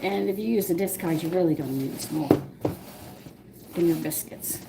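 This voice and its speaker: Host, woman, gravelly voice, chatty cooking demo, noisy kitchen with pots clattering. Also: fairly low pitch, moderate pace. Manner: chatty, explains steps while working dough by hand. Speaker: home cooking show host. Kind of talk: live-stream cooking demonstration. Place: home kitchen.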